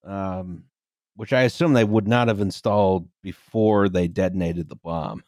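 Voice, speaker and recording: A man co-hosting a casual podcast, dropping wry deadpan quips. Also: low voice, measured pace, dry recording, studio quality.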